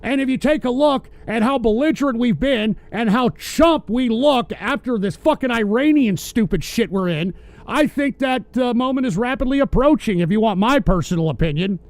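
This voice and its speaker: Man, high voice, dry close mic: foul-mouthed, sarcastic political host ranting at his chat. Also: expressive, moderate pace, dry recording. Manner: angry, swearing, sarcastic. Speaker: host of a political call-in show. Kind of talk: profane political rant.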